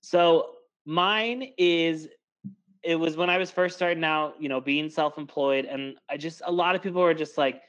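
A man's voice: on the high side, steady tone, moderate pace, a bit bright. A young man co-hosting a podcast, chatting casually and telling stories, with lots of filler "like". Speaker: podcast co-host. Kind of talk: casual chat.

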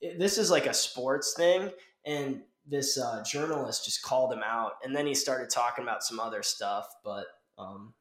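A man's voice: medium pitch, normal speed, few pauses, fairly bright tone. A young man hosting a podcast in casual chat, rambling and laid-back, saying "like" and "dude" constantly. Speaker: podcast host. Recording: roomy echo.

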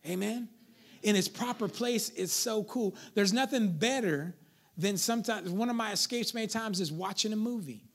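High pitched preacher guy, chatty sermon, keeps asking the church to stay with him. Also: moderate pace. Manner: conversational, playful preaching with call-outs to the congregation. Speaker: pastor.

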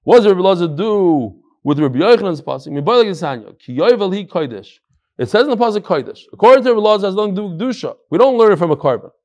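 A man teaching a Talmud class, telling stories in a lively way and repeating phrases for emphasis. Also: high-pitched, fast. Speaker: Torah teacher.

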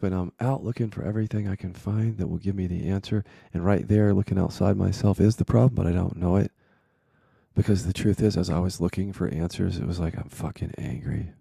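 A man's voice: low voice, brisk, vocal fry, dark tone, breathy edge, no room sound, clean studio sound. A man, a spiritual teacher, telling his own story in a candid, reflective monologue with frank swearing.

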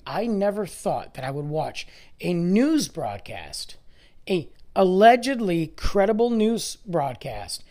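A podcast host in their forties, slightly hoarse from losing their voice, talking in a rambling, speculative and emphatic monologue. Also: mid-range voice. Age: 40s. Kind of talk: casual monologue.

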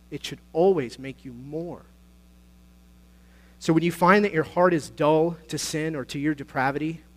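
A man delivers a sermon as pastor, his voice sitting a little high for a man. He speaks earnestly and exhorts his listeners, dropping to hushed passages before rising into louder, pressing appeals. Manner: earnest, exhorting, swings between soft and loud.

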